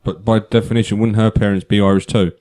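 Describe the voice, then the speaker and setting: A man's voice: on the low side, steady tone, fast talker, a little mellow. A man co-hosting a podcast, teasing his friends and swearing freely in casual banter. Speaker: podcast co-host.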